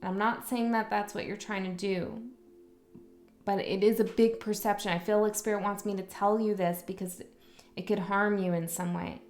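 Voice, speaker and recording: A woman's voice: medium pitch, fairly even intonation, moderate pace, a little mellow. Chatty woman in an echoey room. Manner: chatty, frank, checks in with "okay?". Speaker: tarot reader. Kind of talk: casual spoken tarot reading. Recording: roomy echo, faint music.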